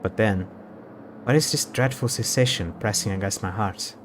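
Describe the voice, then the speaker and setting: Low-voiced man reading a game aloud. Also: moderate pace, slight background noise. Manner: reads along, breaking off to comment on the cast. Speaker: streamer. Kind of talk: reading a visual novel aloud.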